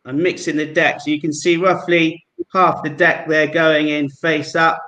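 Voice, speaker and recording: A man's voice: a little high, level tone, moderate pace, sharp tone, roomy sound, low-quality recording. A man with a London accent performing a card trick over a video call, polite and friendly, narrating each move. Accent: London English. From England. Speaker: guest amateur magician.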